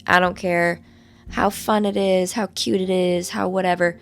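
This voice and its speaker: A woman hosting a casual vlog from a hotel room, her voice hoarse while it recovers, chatting in a playful, rambling, self-mocking way. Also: lowish voice, level tone, moderate pace. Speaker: vlog host. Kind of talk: casual chat to camera.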